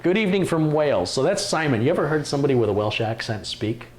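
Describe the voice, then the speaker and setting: A man hosting a casual live stream, reading out viewer comments with quick asides and laughs. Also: on the high side, sing-song. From Detroit, USA. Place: home computer workshop.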